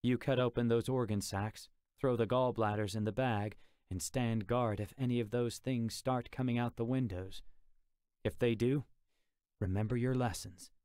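A man reading an audiobook, voicing a gruff male troll warrior who gives terse commands. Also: medium pitch, fairly even intonation, moderate pace, darkish tone, no room sound, lightly acted. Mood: commanding.

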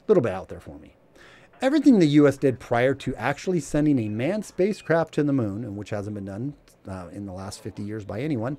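Mellow, animated man reading commentary. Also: mid-range voice. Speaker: channel host.

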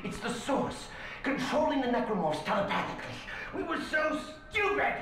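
An actor voicing a haunted, guilt-ridden male scientist in a video game, urgent and pleading, swinging between hushed and loud. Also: very high voice, big pitch swings, normal speed, heavily acted. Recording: roomy game audio.

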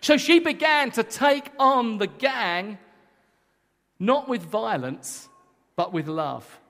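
A man preaching a sermon to a congregation, energetic and emphatic, joking with the crowd between points. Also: very high voice, slow. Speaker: guest preacher. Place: church hall. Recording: long church hall reverb.

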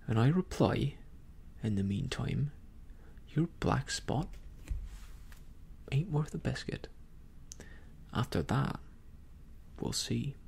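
A storyteller voicing a cunning, scornful old male pirate captain in a slow, contemptuous whispered role-play. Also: medium pitch, animated, gravelly, darkish tone, a little hiss or hum.

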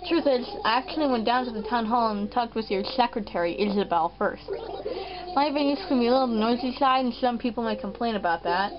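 A woman's voice: on the high side, fairly quick, dull audio, background noise, natural voice. A woman voicing an eccentric male salamander club promoter with a lisping, dopey drawl. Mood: pitchy salesman.

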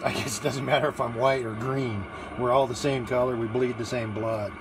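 At an outdoor barbecue grill, a man holding his phone in one hand livestreams a food challenge against a noisy background. His medium-pitched voice stays steady at a moderate pace as he rambles casually, with frequent fillers and restarts.

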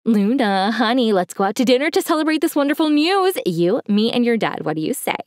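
A woman's voice: fairly high pitch, big pitch swings, brisk, background noise. A fawning middle-aged mother, put on by a female narrator, squealing and gushing in a sharply raised voice. She sweet-talks her daughter with sugary eagerness. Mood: coaxing.

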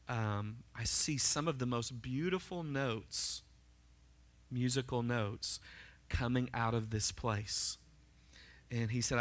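A man preaching a fervent sermon in a church sanctuary. His voice is bright and forceful, pitched in a normal middle range. He keeps turning to the congregation with quick "right?" and "amen?" check-ins. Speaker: pastor.

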